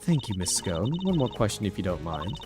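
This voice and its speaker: A man's voice: lowish voice, very animated, brisk, over music. Man doing a cold, formal judge. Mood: stern. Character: stern, aloof judge. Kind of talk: voicing game dialogue on a stream.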